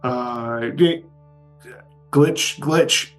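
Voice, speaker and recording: A man voicing a glitching male cyborg sasquatch in a tabletop game, speaking in halting, robotic bursts with a loose put-on Norwegian accent. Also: mid-range voice, soft background music. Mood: flat, mechanical. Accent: put-on Norwegian, loosely held.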